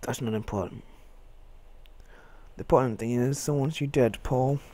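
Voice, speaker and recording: A man voicing a menacing male assassin interrogating a victim, speaking low and quietly threatening. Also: moderate pace, close to an everyday voice.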